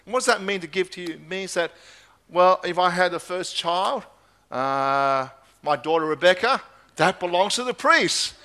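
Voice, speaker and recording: A man with a high voice preaching a sermon. He reads scripture passages aloud and stresses his points by repeating them with emphasis. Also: normal speed, bright, forceful tone.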